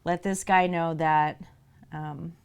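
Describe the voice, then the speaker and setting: A woman's voice: sits low, steady tone, slow pace, clean tone. A woman live streamer in casual chat, telling a story with animation and speaking straight to her viewers.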